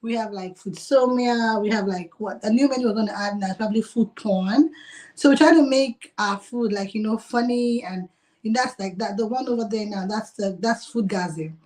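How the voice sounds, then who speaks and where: A woman's voice: mid-range voice, normal speed, a little mellow. Woman restaurant owner, casual and giggly, talks on a video call. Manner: chatty, laughs often, uses "like" a lot. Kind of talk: casual interview.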